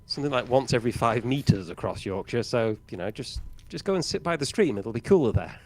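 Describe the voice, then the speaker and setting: A man calling into a livestream, chatting casually and tossing in quick wisecracks. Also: mid-range voice, expressive, poor audio. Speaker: caller. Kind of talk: casual chat.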